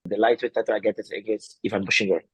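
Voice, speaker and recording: A husky-voiced man speaks in broken, stopping and restarting often with fillers. He tells his story with lively bursts of feeling and a laugh now and then. The sound is dry and close, with no room around it. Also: on the low side, dry recording, rough recording. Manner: halting, many fillers and restarts, non-native grammar; animated, laughs while telling stories. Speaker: MMA fighter, interview guest. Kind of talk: casual interview answers.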